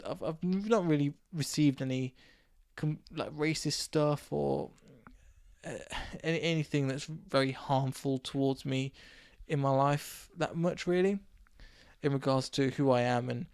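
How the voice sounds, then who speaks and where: A hoarse man from England chats alone into a close podcast mic, his slightly raised voice rough with gravel. He rambles through an animated anecdote, his voice worn thin. The sound is dry and close, with no room around it. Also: fairly high pitch, unhurried, dry recording. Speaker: podcast host. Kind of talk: casual solo podcast storytelling.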